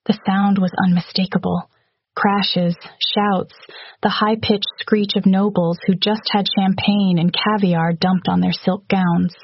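A woman reading a romantic fantasy story aloud in a steady, even narration, with hushed dialogue. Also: medium pitch, a little slow, slightly rough, no room sound, highs cut off. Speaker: audiobook narrator. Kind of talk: scripted narration.

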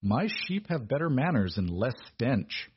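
A man reading the part of a proud, stern working man with a gruff, growling delivery. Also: medium pitch, sing-song, measured pace, no room sound, dull audio, voice pushed up.

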